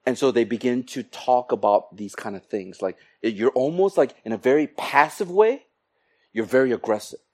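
A man preaching a sermon to his congregation, animated, acting out quoted exchanges with comic voices. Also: mid-range voice, moderate pace. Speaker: pastor.

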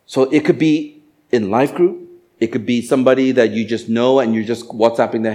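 A middle-aged male pastor preaching a sermon, animated and joking, acting out little voices. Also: mid-range voice, moderate pace. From Asian family background. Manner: animated, acts out voices and jokes.

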